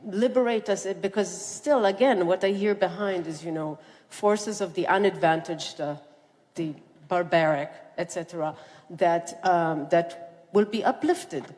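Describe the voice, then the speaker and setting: A woman's voice: fairly low pitch, measured pace, a little mellow. A woman in a public debate raising a hesitant, questioning concern. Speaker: debate participant. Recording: echoey hall.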